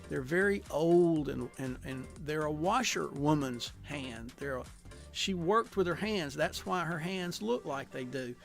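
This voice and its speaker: A man leads a family art tour in an unhurried, folksy way. His voice is gravelly and pitched a little high, and he stops often to hunt for words. Faint music plays behind him. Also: lively intonation. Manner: folksy, gentle, with frequent pauses and fillers. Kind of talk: guided tour talk for families.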